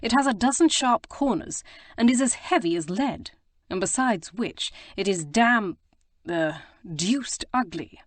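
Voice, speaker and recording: A woman's voice: medium pitch, animated, unhurried, no echo, pitched above the performer's own voice. A woman voicing a roguish young Regency lord who teases in a drawling, mock-innocent way. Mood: aggrieved.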